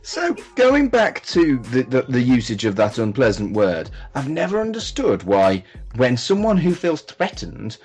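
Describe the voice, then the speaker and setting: A man co-hosting a comedy podcast, making dry, deadpan asides. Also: mid-range voice, measured pace, hardly any pauses, slightly rough, faint music behind. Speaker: podcast co-host. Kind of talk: casual comic banter.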